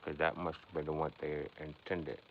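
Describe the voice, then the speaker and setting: A man's voice: a bass voice, little pitch movement, moderate pace. A man hosting a casual livestream, rambling and philosophizing as he talks straight to his chat. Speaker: livestream host. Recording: dull lo-fi sound with faint background noise.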